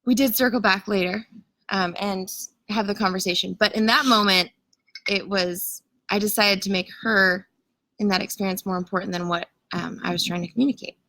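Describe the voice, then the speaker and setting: A woman's voice: mid-range voice, steady tone, normal speed, pushed and bright, no room sound, rough recording. A woman coaching live viewers in a casual, chatty way, using lots of "like" and reading out comments and greetings. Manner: casual, chatty, filler-heavy with frequent "like". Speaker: coach leading an online challenge. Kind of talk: live-stream coaching talk.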